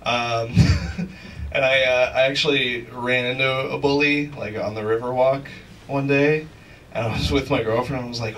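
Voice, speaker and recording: A man's voice: medium pitch, fairly even intonation, a little slow, a bit bright, recorded from a distance, a little hiss or hum, poor audio. A man doing a stand-up comedy set on a club stage, rambling with lots of fillers and laughing at his own jokes. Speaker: stand-up comic.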